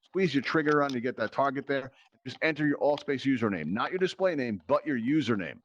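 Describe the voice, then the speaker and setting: A man hosting a live game show, an upbeat, chatty showman who jokes his way through pauses, speaking into a headset mic. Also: medium pitch, animated, dull audio, a little hiss or hum.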